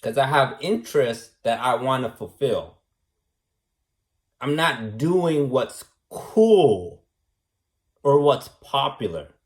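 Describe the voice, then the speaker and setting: Slow, preachy man lecturing. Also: medium pitch, lively intonation. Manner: preachy, repetitive, ends lines with "man" and "right". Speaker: vlogger. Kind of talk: rambling monologue.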